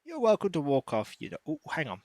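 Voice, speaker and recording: Man, streamer, casual chat, coos at his cat, higher voice, dry close mic. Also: huge pitch swings, quick pace, darkish tone, dry recording. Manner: chatty, coos and baby-talks to his cat.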